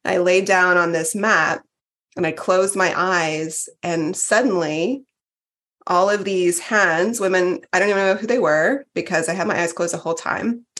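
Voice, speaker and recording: A woman's voice: fairly low pitch, unhurried, fairly bright tone. Chatty woman in her forties. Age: 40s. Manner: candid, chatty, many fillers and restarts. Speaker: podcast guest, retreat participant. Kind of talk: casual podcast chat.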